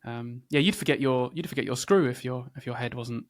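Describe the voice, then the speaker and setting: A man's voice: mid-range voice, a little fast. A man co-hosting a podcast, bantering and teasing with a giggly manner. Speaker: podcast co-host. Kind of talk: casual chat.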